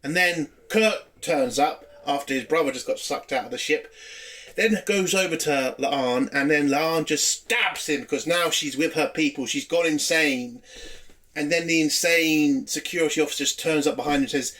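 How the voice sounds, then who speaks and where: Male reviewer, slightly high voice, dry sarcasm and frequent swearing. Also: moderate pace, fairly bright tone. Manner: sarcastic, swearing, rambling recap. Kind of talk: casual spoken review.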